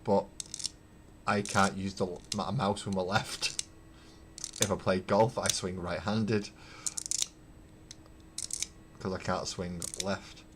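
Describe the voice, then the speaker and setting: A man with a deep voice rambles through viewer comments on his livestream, wry and thinking out loud between fillers. He talks into a webcam mic in his hobby room at home, with a faint hiss behind him. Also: flat delivery, slow pace. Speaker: livestreaming miniature painter. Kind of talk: casual livestream chat, answering viewer comments.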